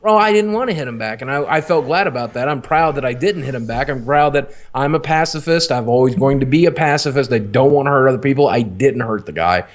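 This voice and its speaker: A man's voice: mid-range voice, expressive, fast talker, few pauses. A man casually telling a long personal story, rambling and swearing, often laughing at himself.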